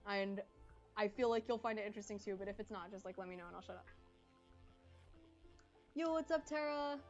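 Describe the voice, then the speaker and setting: A woman's voice: on the high side, lo-fi sound. Chatty, slightly congested woman streamer. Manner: chatty, reading and answering chat. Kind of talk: casual live-stream chat.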